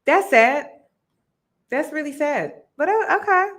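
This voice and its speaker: Brief: higher-voiced woman, casual vlog host, emphatic and repetitive, talks straight to viewers. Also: expressive, a little slow, fairly bright tone. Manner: chatty and emphatic, repeats points, addresses viewers as y'all. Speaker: reaction video host. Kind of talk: casual commentary on a reality show.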